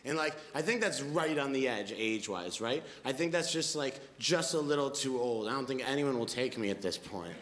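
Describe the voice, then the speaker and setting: A man in his twenties performing a stand-up comedy set, telling stories quickly and wryly and acting out other people's lines. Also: mid-range voice, lively intonation, fairly bright tone. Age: 20s. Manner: quick, wry storytelling with acted-out quotes. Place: comedy club stage before a laughing audience. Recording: echoey room with audible noise.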